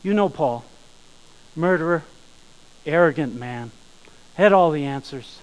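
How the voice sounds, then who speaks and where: A man's voice: on the high side, animated, smooth, poor audio. Emphatic male preacher. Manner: emphatic, slows and rises on key phrases. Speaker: pastor. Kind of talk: sermon.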